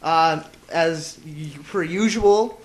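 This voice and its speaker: A high-voiced teenage guy hosts a casual home podcast. He jokes, laughs a lot and stumbles through his words. Faint hiss sits under his voice. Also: slow pace. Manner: joking, laughs often, trips over his words. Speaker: podcast host. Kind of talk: casual chat.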